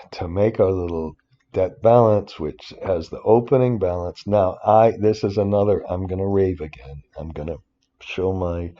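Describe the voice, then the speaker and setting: A man teaching a spreadsheet finance model in a screen-recorded tutorial, rambling with many restarts and breaking into excited rants. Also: lowish voice, lo-fi sound. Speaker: finance instructor.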